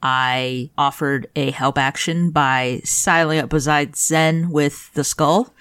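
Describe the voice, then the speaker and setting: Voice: mid-range voice, steady tone, slow, a bit bright, smooth, no room sound. A player in a casual tabletop game who is playful and laughs often.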